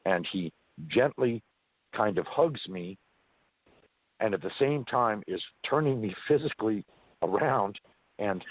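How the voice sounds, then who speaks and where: A man from California tells a first-person story in an animated, folksy manner. His voice is low and husky, and it comes over a dry, muffled phone line. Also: a little slow, pauses often, no room sound. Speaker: interview guest.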